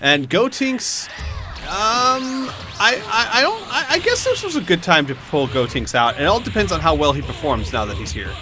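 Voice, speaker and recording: A man giving excitable play-by-play commentary on video game matches, with quick exclamations at big hits. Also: high-pitched. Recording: game music playing behind. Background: video game music and effects.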